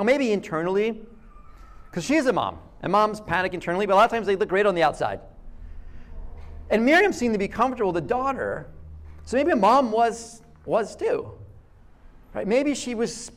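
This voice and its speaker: A middle-aged man preaching a sermon in a conversational, animated way, telling stories and acting out quotes. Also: high voice. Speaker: pastor.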